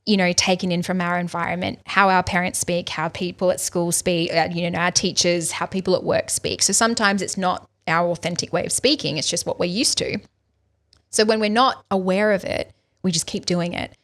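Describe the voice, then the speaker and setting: An Australian woman with a fairly low voice, guesting on a podcast as a speaking coach. She explains her points in a lively way and acts out little examples in different tones. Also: brisk. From Western Australia. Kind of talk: podcast interview, explaining tips.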